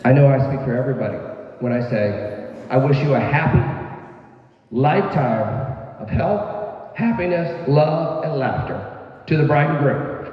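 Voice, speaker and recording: A middle-aged man, hoarse as his voice gives out, giving a folksy father-of-the-bride wedding toast full of "all right"s. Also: mid-range voice, expressive, unhurried, long pauses. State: hoarse, voice going. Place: wedding reception hall. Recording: echoey hall, far from mic, dull sound.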